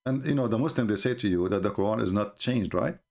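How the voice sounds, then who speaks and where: A man giving live-streamed commentary in an emphatic, scornful, mocking manner, often halting with fillers and restarts. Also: on the low side, creaky, darkish tone.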